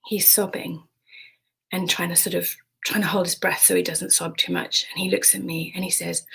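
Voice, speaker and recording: A British woman in her forties telling a frank personal story in a hushed, intimate way. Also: fairly low pitch, little pitch movement, moderate pace, vocal fry, breathy edge, low-quality recording. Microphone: streamed stage mic.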